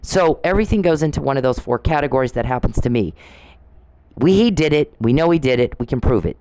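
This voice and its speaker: Rumbling low and warm, a woman's animated voice moves at a quick pace on poor audio with no room sound. As host of her own podcast, she gives an angry monologue, telling a story bluntly, swearing, and directly accusing the person she addresses.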